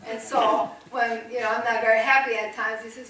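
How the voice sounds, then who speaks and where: A woman's voice: a little high, level tone, a little fast, few pauses, fairly bright tone. A woman in her forties speaking at a church as a missionary, chatty and folksy, laughing often at her own asides. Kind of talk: church talk. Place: church sanctuary. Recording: echoey church from far off.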